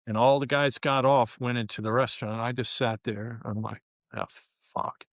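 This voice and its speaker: At a fairly quick clip and medium pitch, a former pro basketball player in his 70s tells an interviewer a relaxed, colorful story, speaking candidly and using lots of fillers. It sounds studio quality, with no room sound.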